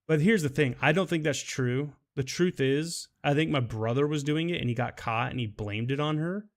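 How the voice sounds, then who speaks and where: Casting note: male game streamer, gravelly low-register fry, loose rambling storyteller who laughs at his own tales. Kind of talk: casual storytelling while gaming.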